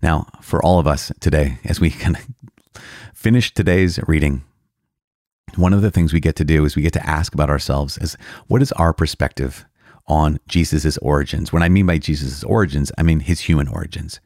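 A man's voice: a bass voice, moderate pace, a little mellow, no room sound, clean studio sound. A male priest explaining a catechism passage in an earnest, conversational way, stressing key words and often repeating himself. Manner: earnest, emphatic, repeats himself, occasional laughs. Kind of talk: conversational teaching on a catechism reading.

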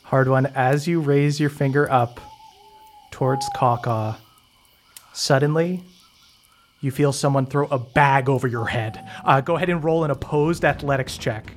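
A man's voice: mid-range voice, measured pace, a little hiss or hum. A man narrating a tabletop game as game master, loose and full of fillers. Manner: loose, filler-heavy narration with frequent laughs.

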